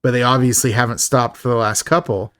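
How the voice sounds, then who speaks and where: A man's voice: mid-range voice, fairly even intonation, fairly quick, a bit bright, no echo, clean studio sound. A man co-hosting a podcast, casually recapping a horror film's plot with jokes and fillers. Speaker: podcast co-host. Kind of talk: casual movie recap chat.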